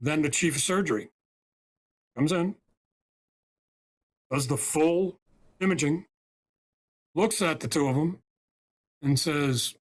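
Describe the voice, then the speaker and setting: A man's voice: a little high, slow pace, pauses often. A man from the United States telling a story as a podcast guest and spiritual healer, emphatic and often checking in with "right?" and "okay?".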